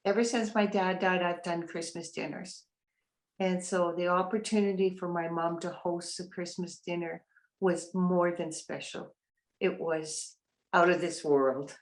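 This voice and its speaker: A woman's voice: on the low side, steady tone, a little slow, rough recording. Heartfelt middle-aged woman telling a family story. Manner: warm, heartfelt storytelling with fillers and restarts. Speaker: family member of a resident. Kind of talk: interview testimonial.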